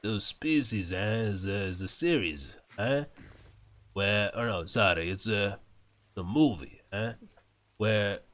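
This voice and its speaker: A man's voice: lowish voice, lively intonation, a little slow, a bit bright. A man hosting a let's play, chatting casually with friends, goofing around and trying villain impressions, often tagging "eh?" onto his lines. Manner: goofy, tries villain impressions, tag question "eh?". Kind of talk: casual gameplay chat with friends.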